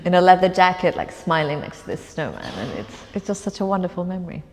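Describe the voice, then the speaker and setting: A woman's voice: on the low side, big pitch swings, quick pace, darkish tone. A woman author telling a personal story at a live onstage conversation, reflective and laughing often. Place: event room with long reverb. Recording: live talk with hall reverb.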